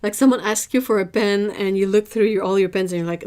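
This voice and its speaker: A woman hosting an art livestream, chatting casually with viewers, emphatic and lively. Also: mid-range voice, fast talker. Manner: chatty, answers viewers' chat.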